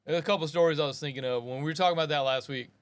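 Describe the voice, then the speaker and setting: A man's voice: on the high side, very fast, clear, resonant tone. Slangy rambling man hosting a live show. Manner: rambling, slangy, says bro and man a lot. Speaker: podcast host. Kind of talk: casual live-stream chat.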